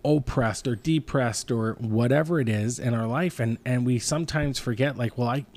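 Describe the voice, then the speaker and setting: A man's voice: mid-range voice, moderate pace, a little mellow. A man in his thirties, a pastor, talking earnestly in a casual chat, rambling with many restarts.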